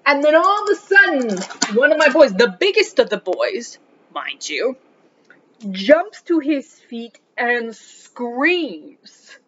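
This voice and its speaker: Animated woman telling a classroom story. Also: high-pitched, slow pace, a little hiss or hum. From South America. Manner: animated, exasperated, drops to muttered asides. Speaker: high school English teacher. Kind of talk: casual storytime vlog. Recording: dull lo-fi recording.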